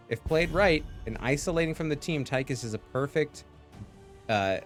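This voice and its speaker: A man casting a live video game match, with goofy, jokey asides between calls. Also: medium pitch. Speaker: esports caster.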